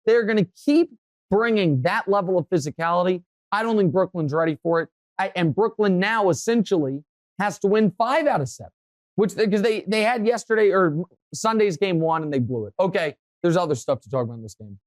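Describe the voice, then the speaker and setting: A man hosting a sports talk show, telling stories in a casual, animated way, his voice climbing when he gets worked up. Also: sits high, fairly quick, no room sound. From Kansas City area, USA.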